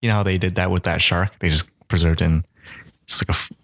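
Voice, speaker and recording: A man co-hosting a podcast in casual chat, making quick quips and laughing a lot. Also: deep voice, fairly even intonation, gravelly, a bit bright. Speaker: podcast co-host. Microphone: studio mic.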